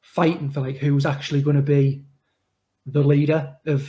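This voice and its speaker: A man with a North East English accent, speaking a little higher than most men as he co-hosts a casual podcast. His talk is loose and chatty, dotted with "like". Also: level tone, moderate pace, mellow. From North East England. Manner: chatty, lots of "like" fillers. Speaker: podcast co-host.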